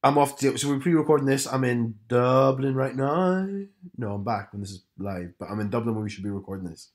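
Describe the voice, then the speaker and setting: A man's voice: racing, darkish tone. Podcast cohost guy, jokey and teasing, voice jumps up on punchlines. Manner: playful and teasing, swooping up in pitch for jokes. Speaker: podcast co-host. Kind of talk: casual chat.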